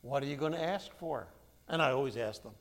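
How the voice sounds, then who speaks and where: A man teaching a Bible study, reading scripture aloud and explaining it in a lively, conversational way. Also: medium pitch, fairly quick. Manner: lively, conversational, acts out quotes.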